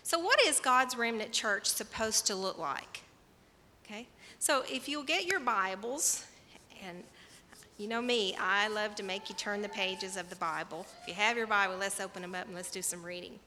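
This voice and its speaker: A woman's voice: medium pitch, normal speed, bright, forceful tone, big-room sound, a little hiss or hum. A woman preaching a conversational sermon to her congregation, asking them questions and reading scripture aloud. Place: church sanctuary.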